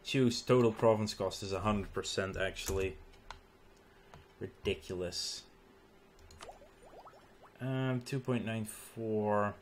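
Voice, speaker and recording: A tired man thinking aloud as he plays a strategy game late at night, halting with ums and restarts. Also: on the low side, slight background noise. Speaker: gaming channel host. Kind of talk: let's play commentary.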